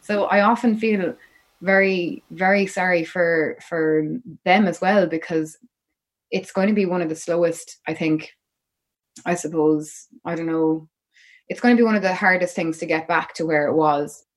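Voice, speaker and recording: A woman's voice: on the low side, normal speed. An Irish woman, a musician guest on an interview podcast, telling her story in a rambling, chatty way. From Ireland. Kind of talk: casual interview chat.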